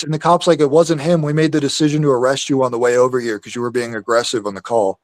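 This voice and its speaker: Man, mid-pitched voice, dry close sound, rambling cursing storyteller. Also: fast talker, no echo. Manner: rambling, profane, animated storytelling. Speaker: guest telling a story. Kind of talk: casual storytelling on a stream.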